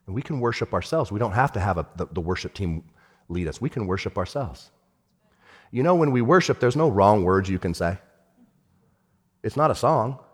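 A man preaching a sermon as pastor, animated, swinging from shouted lines to hushed ones. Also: lowish voice, normal speed, long pauses, breathy edge, big-room sound.

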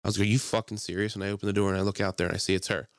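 A young man co-hosting a podcast, telling a heated story in casual chat, animated and full of swearing. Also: deep voice, rapid-fire, dry recording, clean studio sound. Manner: animated, profane ranting. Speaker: podcast co-host.

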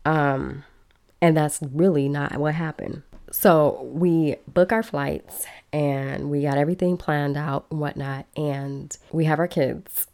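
A woman in her thirties, from Belize, telling a personal story in an animated, conversational way and talking straight to her listeners. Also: deep voice, slow pace, gravelly. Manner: animated, conversational, laughs while telling, addresses listeners as y'all. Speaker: podcast host.

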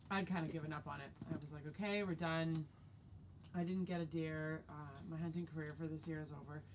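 A woman in her forties telling a story casually and lively, acting out quoted dialogue. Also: lowish voice, noisy background. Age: 40s. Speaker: guest telling a hunting story.

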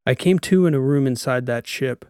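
A man reading a sci-fi audiobook in the first person, with steady, measured storytelling and a close studio mic. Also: mid-range voice, clean tone, no echo. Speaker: audiobook narrator.

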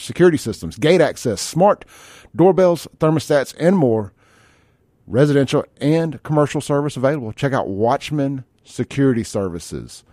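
A man's voice: medium pitch, warm tone, dry recording, clean studio sound. A man hosting a conservative morning talk radio show, brash and joking, reading live ads in between. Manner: brash, joking, offhand, reads live ad copy. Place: radio studio. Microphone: studio microphone.

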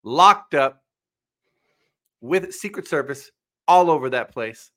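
A man's voice: a little high, expressive, slow pace, a bit bright. A man co-hosting a casual political talk show, speaking emphatically and addressing viewers directly. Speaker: co-host.

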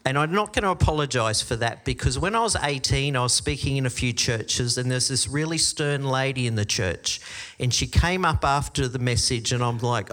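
A middle-aged Australian man preaching a sermon, telling stories with lively quoted voices. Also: mid-range voice, moderate pace. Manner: storytelling, animated quoted voices. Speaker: pastor.

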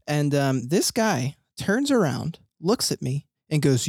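A man's voice: fairly high pitch, takes it slowly, no echo, clean studio sound. Upbeat young man. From Philadelphia area, USA. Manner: animated storyteller, laughs often, lots of fillers. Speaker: podcast host. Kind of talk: casual chat.

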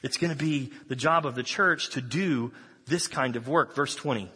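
A male pastor delivers a sermon in an easygoing, conversational manner, full of little fillers and restarts. His voice is bright and a bit husky. The recording carries the long reverb of a church hall. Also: mid-range voice, moderate pace.

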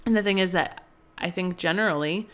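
Earnest woman with a lowish voice. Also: a little fast. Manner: earnest and reflective, with frequent fillers. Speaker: podcast host. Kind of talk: casual advice talk.

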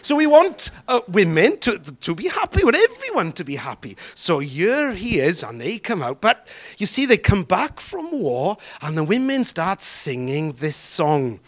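A man preaching a sermon, drawing out key words and throwing questions to the congregation. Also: high-pitched. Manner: animated, drawn-out emphatic phrasing with questions to the congregation.

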